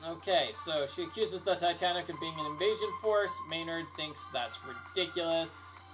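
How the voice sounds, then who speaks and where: A man's voice: a little high, moderate pace, hardly any pauses, music in the background. A man livestreaming a game he made, joking and commenting while he reads the characters' lines aloud. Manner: joking, playful, reads all the characters himself. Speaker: game developer streaming his own game.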